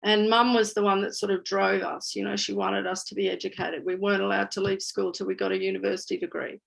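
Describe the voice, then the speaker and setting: A woman's voice: mid-range voice, level tone, fast talker, gravelly, slightly rough, poor audio. A woman, a guest speaker telling her story in a candid, chatty way at a community talk. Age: 60s. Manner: candid, chatty, laughs easily.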